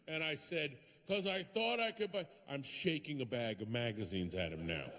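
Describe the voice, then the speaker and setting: A man doing stand-up comedy on stage, animated, breaking into loud high-pitched bits as he tells a story. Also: normal speed, few pauses. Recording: live hall with long reverb.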